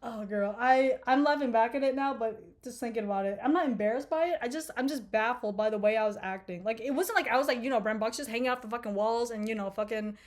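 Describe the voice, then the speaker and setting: Young woman, twenties, quick rambling profane storytime vlogger, a bit high-pitched. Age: 20s. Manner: rambling, profane, laughing asides. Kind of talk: casual storytime chat.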